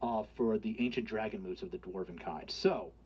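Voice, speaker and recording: A man narrating as game master, halting with fillers and restarts. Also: fairly low pitch, darkish tone, slightly rough. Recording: dull lo-fi home mic.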